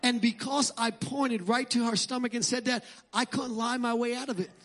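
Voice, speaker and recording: A middle-aged man preaching a sermon as pastor, animated and joking, shouting at times. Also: very high voice, normal speed, a little hiss or hum.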